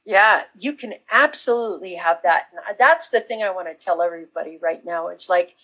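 A woman business coach talking casually in an interview, acting out excited reactions as she explains. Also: lowish voice, brisk, low-quality recording. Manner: animated, acts out quoted reactions.

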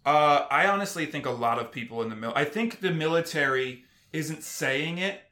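A man talking casually on a podcast, deadpan, acting out quoted exchanges in stiff voices. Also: on the high side, normal speed, reverberant. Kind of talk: casual chat.

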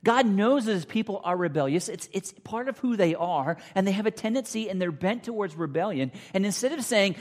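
A man's voice: high voice, lively intonation, a little fast, few pauses. Emphatic male preacher in reverberant hall. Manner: emphatic, repeats phrases, drops to near whispers. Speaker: pastor. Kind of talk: sermon.

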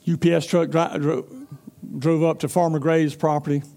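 A pastor preaches in a folksy, storytelling manner, acting out the characters as he goes. His voice sits a little high yet sounds warm and mellow. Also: little pitch movement, normal speed, creaky. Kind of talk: sermon.

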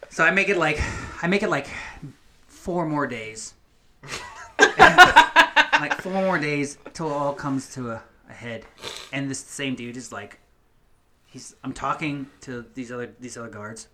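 A man's voice: mid-range voice, pushed and bright, a little hiss or hum. A young man casually telling a long story on a podcast, rambling and cursing, with lots of fillers and restarts.

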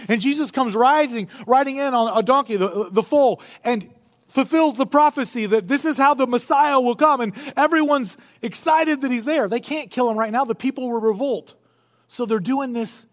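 A man preaching a sermon as a pastor, retelling the story in an animated, joking manner. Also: very high voice, moderate pace. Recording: long hall reverb.

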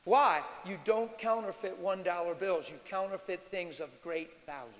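A high-pitched man delivers a sermon in a church hall, his voice trailing off in a long reverb. He shifts from quiet, intimate storytelling to shouted, animated exhortation. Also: moderate pace. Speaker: pastor.

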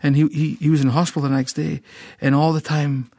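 A man's voice: fairly high pitch, level tone, a little fast, creaky, dark tone, dry recording, studio quality. A middle-aged Scottish man telling an emotional personal testimony, stammering and repeating words as he tells it vividly. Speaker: ministry founder, guest.

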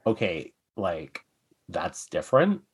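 A man's voice: low-pitched, very animated, slow, breathy edge, no room sound. A man co-hosting a podcast in casual chat, cracking crude jokes and teasing his co-host.

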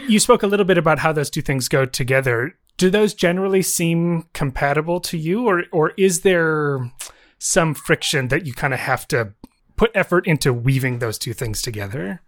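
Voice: medium pitch, animated, moderate pace. An interview host asking thoughtful questions in a casual way, often restarting words mid-sentence.

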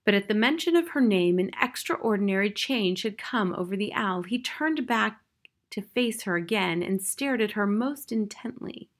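Lady narrating a kids book, calm steady read, mid pitch. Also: normal speed. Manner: steady, plain storytelling. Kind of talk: reading a children's novel aloud.

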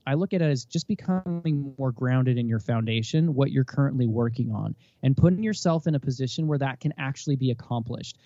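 A man's voice: medium pitch, no room sound, dull audio. A man in his thirties, a guest in a casual interview, talking earnestly and acting out the dialogue he recounts. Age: 30s. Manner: earnest, animated, acts out quoted dialogue. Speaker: podcast guest.

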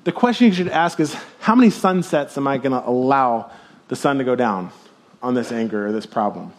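A middle-aged man, a pastor, preaching a sermon in a casual, jokey, conversational way and swinging between loud, high emphasis and quiet asides. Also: animated, a little fast.

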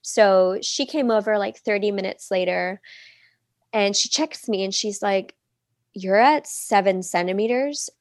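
A woman in her thirties shares a personal story as a podcast guest. She talks casually, with plenty of "like" fillers, and is recorded close and dry. Her voice sits at a middling pitch for a woman. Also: measured pace, dry recording. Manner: chatty, many "like" fillers, acts out quoted speech.

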